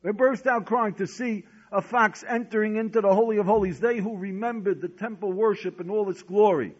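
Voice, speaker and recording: A man's voice: high-pitched, brisk. A man teaching a Talmud lesson as a sermon, telling stories dramatically and asking rhetorical questions. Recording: dull lo-fi recording.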